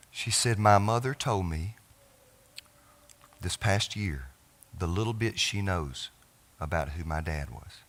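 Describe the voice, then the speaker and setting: A middle-aged man, a pastor telling a personal family story in a sermon, with halting restarts and phrases that trail off softly. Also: deep voice, lively intonation. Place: church sanctuary.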